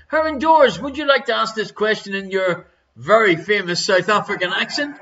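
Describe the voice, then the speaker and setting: A man's voice: high voice, moderate pace, hardly any pauses, fairly bright tone, lo-fi sound. A man hosting a streamed quiz, joking and chuckling between questions. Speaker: quiz host. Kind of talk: live-streamed quiz chat.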